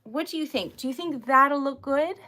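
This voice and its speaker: Female streamer, slightly high voice, chatty and giggly, crafting live at home. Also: normal speed, sharp tone, a little hiss or hum. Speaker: craft livestream host. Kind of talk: casual chat while crafting.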